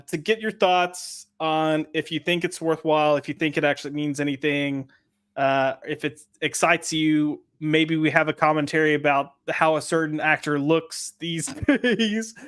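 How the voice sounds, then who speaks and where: A man's voice: on the high side, unhurried, a bit bright, clean tone. A man hosting a podcast in casual chat, reading out live chat comments in a loose, rambling way with lots of fillers. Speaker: podcast host.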